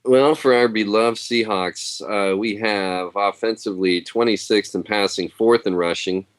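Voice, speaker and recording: A man's voice: fairly low pitch, steady tone, measured pace. A man on a fan podcast panel, steadily reading off sports stats with fillers. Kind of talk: casual chat.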